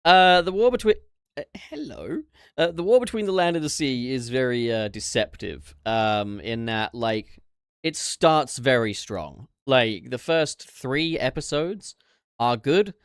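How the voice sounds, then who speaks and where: A man hosting a casual livestream chat, swearing freely and throwing in quick asides. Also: medium pitch, animated, clear, resonant tone, no echo, studio quality. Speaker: podcast host.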